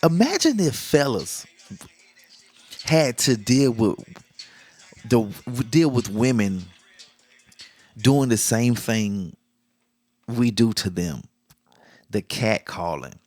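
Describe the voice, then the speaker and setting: A man's voice: medium pitch, very animated, takes it slowly, pauses often, darkish tone, no room sound, faint music behind. A middle-aged man hosts a casual monologue, joking, laughing often and acting out the lines he quotes. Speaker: podcast host.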